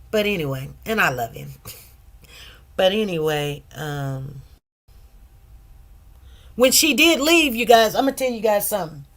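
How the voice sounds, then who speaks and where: Middle-aged woman host, slow rambling personal stories. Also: lowish voice. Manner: rambling, repeats herself, many asides. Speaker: commentary channel host. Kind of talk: casual storytelling monologue.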